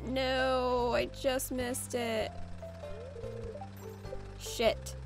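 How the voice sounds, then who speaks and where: A woman's voice: high-pitched, level tone, drawn-out words, over music. A woman casually narrating her gameplay, chatting and exclaiming at the characters on screen. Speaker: let's play gamer.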